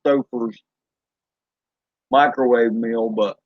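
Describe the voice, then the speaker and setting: A man with a Southern US accent talks with his live-stream viewers, slow and unhurried, rambling in a folksy way. His voice is dry and close, with a slightly dull, lo-fi sound. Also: medium pitch, fairly even intonation, no echo. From Southern United States. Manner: rambling, folksy, drawn-out fillers, mild swearing. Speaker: drone channel host reading live chat. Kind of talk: casual live-stream chat.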